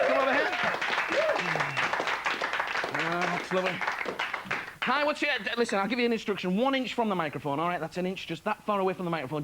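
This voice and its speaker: A man doing a comic magic act on stage, chatty and self-mocking, chuckling at his own jokes, on a hissy 1990s TV broadcast. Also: very high voice. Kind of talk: stand-up comedy act.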